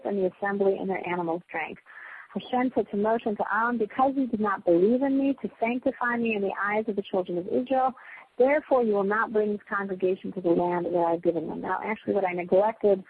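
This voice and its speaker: Woman teaching Torah over a tinny line. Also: mid-range voice. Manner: animated, chatty, self-deprecating asides. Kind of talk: casual Torah class. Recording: tinny phone-line sound with faint noise.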